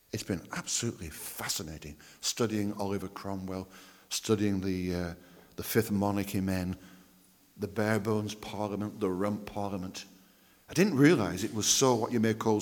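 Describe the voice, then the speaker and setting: A man preaching a sermon, emphatic, drawing out key words and dropping to a hush. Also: fairly low pitch. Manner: emphatic, drawn-out phrasing with dramatic drops to a hush. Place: church. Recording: reverberant church hall.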